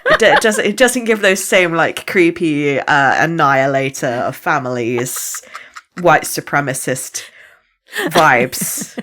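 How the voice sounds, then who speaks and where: A woman co-hosting a podcast, explaining things in an animated way and laughing often. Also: low-pitched, slow. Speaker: podcast co-host. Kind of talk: casual podcast chat.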